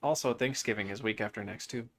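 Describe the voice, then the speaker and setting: A man's voice: on the low side, fast. A man playing in a tabletop role-playing game, trading sarcastic jokes and thinking aloud. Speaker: player.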